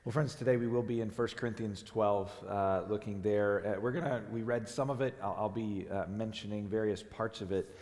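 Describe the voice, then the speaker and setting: A hoarse man in his forties, the lead pastor, preaching a sermon in a halting, earnest way with many restarts. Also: lowish voice, fairly even intonation, a little mellow. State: hoarse, strained voice. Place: church sanctuary. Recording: long hall reverb.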